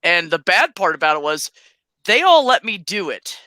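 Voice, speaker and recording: A woman chatting casually, telling stories in a blunt, animated way with some swearing. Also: on the low side, moderate pace, no room sound. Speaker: host. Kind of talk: casual chat.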